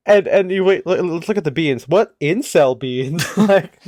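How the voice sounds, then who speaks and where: A man's voice: sits high, moderate pace, darkish tone, dry recording, studio quality. A man co-hosting a podcast in casual chat, joking around and laughing often. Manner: joking, laughs often, does silly voices. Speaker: podcast co-host.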